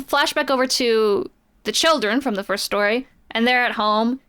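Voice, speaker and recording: A woman's voice: on the high side, fairly bright tone, clear, resonant tone. A woman casually recapping a comic book story on a podcast, chatty and playful, slipping quoted lines into her retelling. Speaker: podcast co-host.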